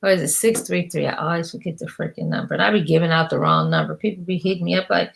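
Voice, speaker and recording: A woman's voice: lowish voice, steady tone, quick pace, creaky, few pauses. A middle-aged woman coaching her viewers in an emphatic, preachy motivational rant, casual and full of slang and repetition. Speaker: business coach.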